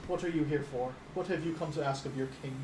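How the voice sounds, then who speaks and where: A man voicing a dirty, disheveled, middle-aged male king who speaks in a raspy, menacing voice, recorded in an echoey room with background noise. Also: on the high side, fast, close to an everyday voice. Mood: imperious.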